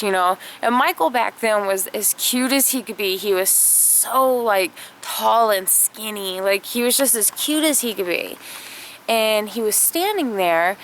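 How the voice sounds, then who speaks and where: A woman's voice: mid-range voice, unhurried, a little hiss or hum. A woman vlogger telling a family story in a chatty, casual way, full of fillers and acted-out quotes.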